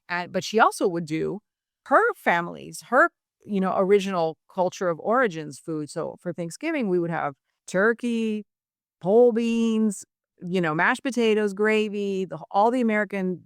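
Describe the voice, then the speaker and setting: A middle-aged woman from Miami, a writer telling stories in an interview, chatty and animated with lots of asides. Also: medium pitch, clean tone, dry recording, studio quality. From Miami, Florida. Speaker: guest writer. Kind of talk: conversational interview.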